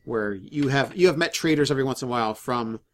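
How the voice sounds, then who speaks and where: A man running a tabletop game as game master, narrating with frequent fillers and restarts. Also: mid-range voice. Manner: halting, many fillers and restarts.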